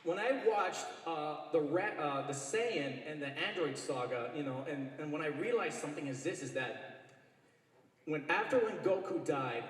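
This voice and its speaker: An eager male fan rambles through a long question at a microphone, his voice on the high side. It sounds distant and echoey, carried through a large convention hall. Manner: rambling, eager, many fillers. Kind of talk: audience question at a panel.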